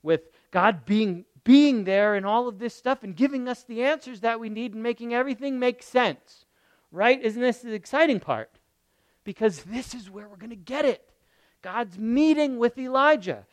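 A man preaching a sermon in a lively, conversational way, reading scripture aloud and asking the congregation rhetorical questions. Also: very high voice, normal speed, no room sound. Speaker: pastor.

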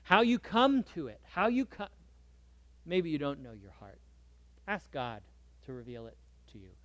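A man preaching a sermon in a conversational way, moving between soft asides and lively emphasis. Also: fairly high pitch, measured pace, dry recording, lo-fi sound. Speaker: pastor.

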